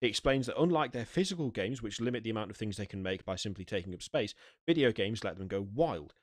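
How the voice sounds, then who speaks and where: A man with a lowish voice hosts a casual podcast, reading headlines aloud and breaking off into sweary asides. The mic is close and dry, with no room sound at all. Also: lively intonation, quick pace, dry recording. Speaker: podcast host. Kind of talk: casual news chat.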